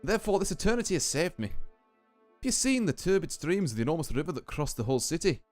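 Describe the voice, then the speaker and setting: A man voicing a stately woman who keeps a deep well, with a put-on Scottish accent and a slow, grand delivery, reading game dialogue aloud. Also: lively intonation, faint music behind, natural voice. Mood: solemn.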